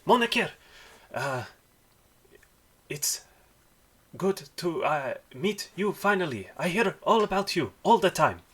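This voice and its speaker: A man's voice: slow pace, long pauses, slightly rough, full character voice. A man voicing a young dwarf boy who is eager and speaks in broken, simple sentences. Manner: high excited piping voice, simple grammar.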